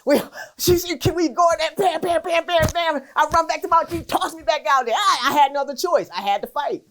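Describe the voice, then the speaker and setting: A woman's voice: high-pitched, brisk, fairly bright tone. A woman, a champion athlete telling a story while cooking, full of sound effects and acted-out voices. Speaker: guest, world champion athlete.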